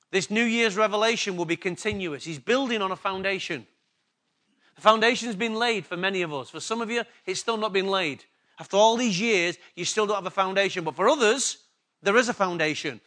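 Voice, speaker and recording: A pastor with an English accent preaches a sermon in a high, sharp-toned voice. He repeats key words for emphasis and puts questions to the congregation.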